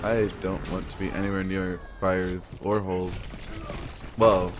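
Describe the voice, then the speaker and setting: A man's voice: deep voice, little pitch movement, measured pace, background noise. A man giving casual, playful gameplay commentary, crude and self-mocking. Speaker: gaming video host.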